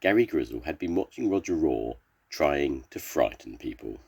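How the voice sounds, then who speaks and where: With a deep, husky voice that moves lively in pitch, an older man reads a children's tale. He plays the storyteller grandfather, reading slowly and with plenty of expression.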